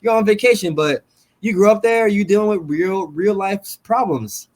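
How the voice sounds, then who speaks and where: A young man from Jamaica, a fighter guest chatting casually on a podcast, laid-back and animated, laughing often. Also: sits high, normal speed.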